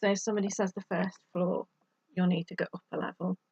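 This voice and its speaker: A woman's voice: lowish voice, level tone, fast, darkish tone, husky, muffled recording. A woman giving chatty advice to camera as a vlogger, with exasperated asides. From United Kingdom. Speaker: YouTube vlogger.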